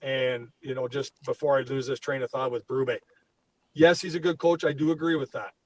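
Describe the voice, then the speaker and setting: A man's voice: mid-range voice, steady tone, fairly quick, rough recording. A man co-hosting a sports podcast, ranting heatedly and swearing as he gets worked up. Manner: fired up, swears freely, ranting. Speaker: podcast co-host.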